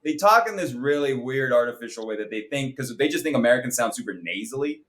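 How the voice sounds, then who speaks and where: A man co-hosting a casual film review podcast, talking in animated rants. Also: mid-range voice, fast. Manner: animated, ranting, mocking impressions. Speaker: podcast co-host.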